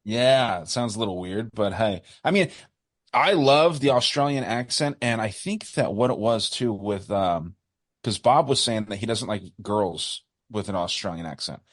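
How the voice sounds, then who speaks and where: Rambling American man, low dry voice. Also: expressive, moderate pace, dry recording. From United States. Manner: enthusiastic, rambling, says "man" a lot. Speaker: podcast co-host. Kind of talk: casual podcast chat.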